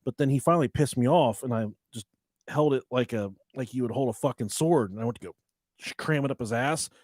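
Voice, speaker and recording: A man in his thirties, co-hosting a podcast, telling stories in a lively, profane way. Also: medium pitch, fairly quick, dry recording, clean studio sound. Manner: animated, profane, acts out voices in stories. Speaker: podcast co-host. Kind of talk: casual storytelling chat.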